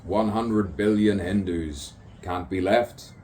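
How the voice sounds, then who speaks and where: Slow, distant man musing in rhymes. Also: low voice, a little mellow. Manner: rambling, rhyming wordplay, repeats words over and over. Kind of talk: improvised stream-of-consciousness monologue. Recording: distant mic with faint background noise.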